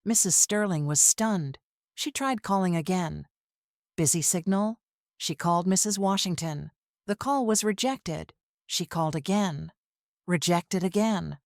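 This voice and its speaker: A woman narrating a dramatic family story in an even, measured reading style. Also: fairly low pitch, no room sound, clean studio sound. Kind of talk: scripted narration.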